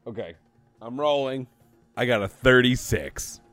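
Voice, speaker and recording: A man's voice: medium pitch, lively intonation, a little slow, fairly bright tone, soft background music. A man joking sarcastically while playing a tabletop game. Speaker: player. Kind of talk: casual chat during a tabletop game.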